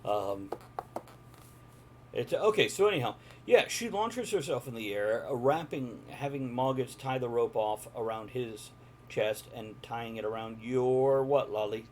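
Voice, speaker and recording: A man's voice: mid-range voice, measured pace, slight background noise. A man narrating a live-streamed tabletop game as game master, chatty and jokey, chatting with viewers in between.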